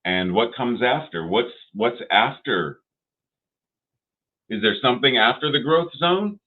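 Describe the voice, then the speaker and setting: Man, sermon, lively expressive pitch, slow deliberate delivery, repetitive rhetorical questions, tinny phone-like sound. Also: breathy edge.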